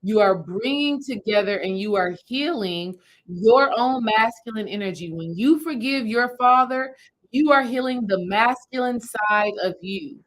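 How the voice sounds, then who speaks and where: A woman's voice: fairly high pitch, expressive, measured pace, low-quality recording. Casual spiritual coach woman, repetitive. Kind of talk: guided meditation talk to a live audience.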